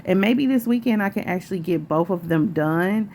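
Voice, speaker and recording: A woman vlogging casually at home, chatting in a rambling, animated way with asides. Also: medium pitch, normal speed, a little hiss or hum. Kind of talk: casual chat to camera.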